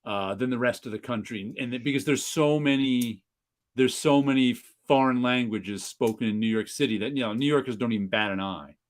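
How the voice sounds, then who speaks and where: A man's voice: medium pitch, a little fast. A man hosting a casual podcast chat, joking and slipping into mock voices. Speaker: podcast host.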